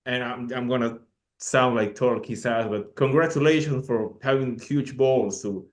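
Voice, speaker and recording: A male interviewer speaks at an ordinary middle pitch. He is frank and informal and trips over a few words before he gets to his question. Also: normal speed. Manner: frank, informal, stumbling a little before a compliment. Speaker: interviewer, channel host.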